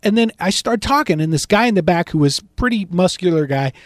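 A middle-aged man preaching, telling a story in an animated way and shouting out the quoted lines. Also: high voice, brisk, no echo, clean studio sound. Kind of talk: storytelling sermon.

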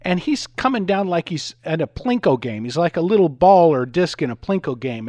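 A man's voice: a little high, moderate pace, few pauses, no echo, studio quality. A middle-aged man hosting a talk radio show, telling stories and acting out the voices in them. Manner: animated, acts out voices in anecdotes. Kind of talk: talk radio monologue with storytelling.

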